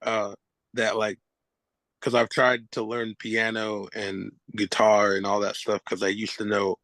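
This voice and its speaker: A man, a hip hop artist, talking as a guest in a casual conversation, loose and expressive, swearing and laughing often. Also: lowish voice, unhurried, creaky, no room sound.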